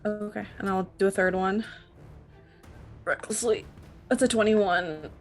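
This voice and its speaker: A woman's voice: mid-range voice, a little slow, soft background music. A woman playing a tabletop role-playing game, hesitant and full of fillers as she checks her character's rules. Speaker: player.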